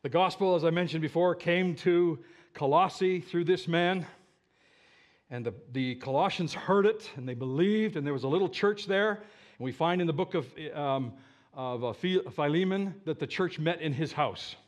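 A male pastor delivers a sermon to a live congregation in a church sanctuary at a moderate pace. He swings between loud, emphatic calls and low, quiet asides.

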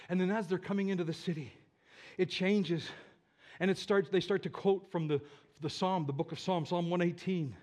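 A man preaching a sermon in a church, animated and leading the congregation in shouting together. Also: high-pitched, brisk. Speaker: pastor.

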